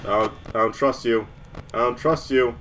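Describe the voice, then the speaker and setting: A man's voice: medium pitch, steady tone, normal speed, fairly bright tone, faint music behind. A nervous young man commentating a horror game, stammering, swearing and shaking with fear. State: shaking with nerves. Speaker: gamer.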